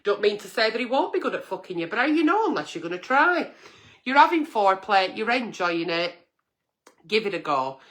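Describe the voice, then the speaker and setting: Woman, agony-aunt host, blunt and sweary, bright forceful voice. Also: medium pitch, very animated, fairly quick. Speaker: host reading viewer letters. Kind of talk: late-night agony-aunt livestream.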